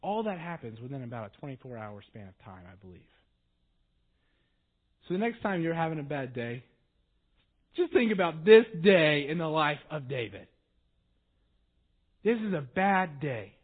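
Male preacher, high voice, casual storytelling sermon, phone-quality audio. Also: moderate pace, long pauses, breathy edge. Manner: conversational storytelling, lively. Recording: tinny phone-like sound.

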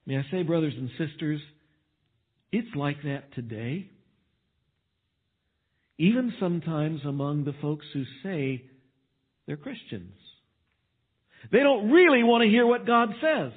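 A man's voice: fairly high pitch, very animated, measured pace, pauses often, slightly rough. A male pastor preaching a sermon with emphasis and rhetorical questions. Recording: tinny phone-like sound.

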